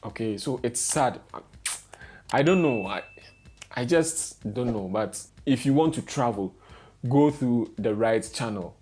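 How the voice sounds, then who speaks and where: A man's voice: medium pitch, measured pace, darkish tone, slight background noise. A young man vlogging, ranting in casual commentary with exasperated, repeated rhetorical questions.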